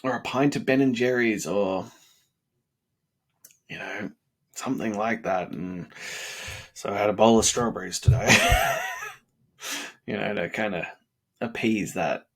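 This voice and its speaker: A man's voice: fairly low pitch, measured pace, pauses often. An exhausted man, talking bluntly and with plenty of swearing in a casual motivational vlog, yawning between thoughts. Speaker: vlogger on a self-improvement challenge.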